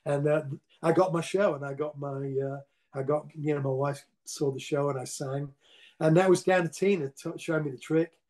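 Older man, mellow storytelling voice. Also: a little high, normal speed. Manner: rambling, animated anecdotes with repeated restarts. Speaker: interview guest, rock singer. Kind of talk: casual storytelling.

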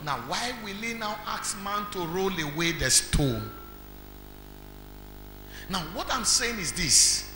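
A man with a Nigerian accent preaching a sermon as pastor, quizzing the congregation and building to shouts. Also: sits high, big pitch swings, slow, pauses often, slight background noise. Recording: echoey hall with faint music.

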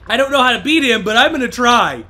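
Man, let's play host: high, bright voice that swings wildly, excitable yelps and groans over faint game music. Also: quick pace. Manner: excitable, loud exclamations and groans. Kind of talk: live gameplay commentary.

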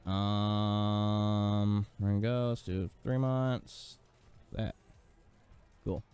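A man's voice: fairly low pitch, little pitch movement, drawn-out words, darkish tone, smooth. A man commentating his gameplay, exasperated, swearing and ranting at the game. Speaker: gaming streamer.

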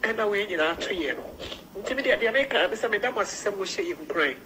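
A woman on a phone-in call speaks earnestly, circling back over the same words and pleading her point. Her voice sits at a middle pitch, with faint noise hissing under the line. The call has a slightly distant, phone-like sound. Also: lively intonation, quick pace. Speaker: caller.

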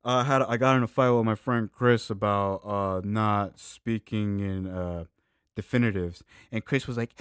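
A man hosting a reaction video, ranting with crude, sarcastic mockery and swinging between loud outbursts and low mumbles. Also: moderate pace, clean tone, no echo, clean studio sound. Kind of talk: profane ranting reaction commentary.

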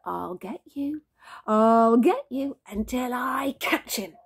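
Cheery dad chasing his kid, high singsong calls, lady doing the voice. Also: lively intonation, slow pace, breathy edge, exaggerated voice.

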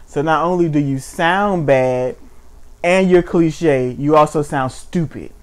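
A man's voice: on the high side, measured pace, clean tone. Blunt, mocking man in casual chat. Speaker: podcast co-host.

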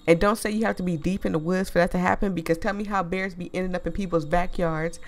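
A woman reading a story game aloud to viewers, animated and expressive, swearing freely and breaking off into laughing asides. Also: lowish voice, fast talker, slight background noise. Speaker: gaming video creator.

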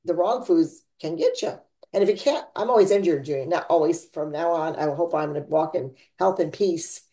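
A woman's voice: brisk, warm tone. A woman hosting a casual faith chat, rambling and laughing, with big dramatic swings in her voice. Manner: dramatic swings in pitch and volume. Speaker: podcast host.

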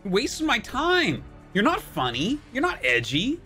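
Man streamer, thirties, exasperated and profane; pitch swings wide, faint game music under him. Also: huge pitch swings, normal speed, sharp tone. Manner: ranting, exasperated, heavy swearing. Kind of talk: live-stream commentary while playing.

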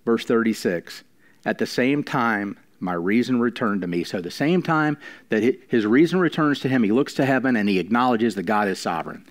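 A man pastor preaching a sermon, slowing down for emphasis and dropping to quiet, intimate lines between louder emphatic ones. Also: mid-range voice, expressive. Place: church.

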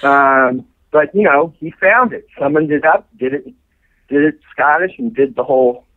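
A middle-aged man, a show's co-creator, telling anecdotes as a guest in a podcast interview, animated and full of fillers. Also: fairly high pitch, moderate pace. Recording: tinny phone-like line.

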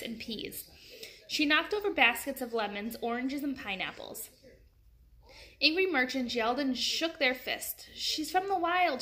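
A woman reads a children's chapter book aloud, friendly and expressive. Her voice is bright, set a little higher than usual. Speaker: storybook reader.

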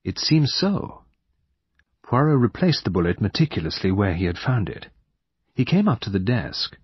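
A man reading a mystery audiobook aloud in an expressive, dramatic way. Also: fairly low pitch, a little fast, breathy edge, no echo, dull audio. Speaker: narrator. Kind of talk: audiobook narration.

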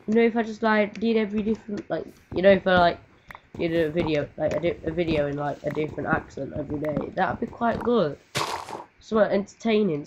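A woman, giving rambling, swear-heavy casual commentary while playing a game. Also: medium pitch. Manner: rambling, swears often, sings to herself. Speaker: gaming video creator. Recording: muffled noisy home mic.

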